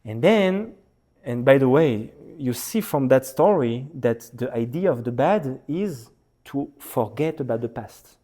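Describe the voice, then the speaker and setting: A man, a rabbi, giving a lesson as an animated story, repeating words for emphasis. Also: medium pitch, a little slow. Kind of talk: storytelling sermon. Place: synagogue hall.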